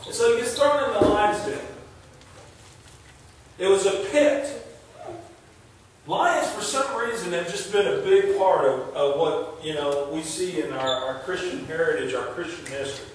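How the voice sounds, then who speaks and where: A man's voice: high voice, unhurried. A male pastor delivering a sermon, preaching emphatically with repeated refrains and casual asides. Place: large church sanctuary. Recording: very echoey hall from far off, faint noise.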